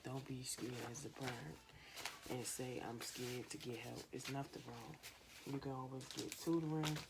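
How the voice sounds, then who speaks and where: Very low-voiced woman giving parenting advice. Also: steady tone, moderate pace, creaky, heavy background noise. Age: 20s. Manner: earnest, repetitive, coaching other parents. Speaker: parenting vlogger. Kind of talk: casual how-to talk to camera.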